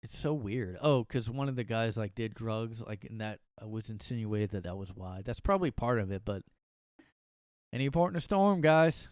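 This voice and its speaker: A man's voice: fairly low pitch, a little fast, few pauses, a little mellow, clean tone, no echo. Male solo podcaster, casual and rambling, dry room sound. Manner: jokey, rambling, many fillers. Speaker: podcast host. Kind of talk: casual comedic monologue. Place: his room.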